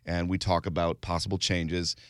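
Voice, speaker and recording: Station boss guy, lowish voice, dry close mic, chill and explaining stuff. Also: little pitch movement, moderate pace, clear, resonant tone, no room sound. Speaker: radio station program manager. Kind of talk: casual radio banter.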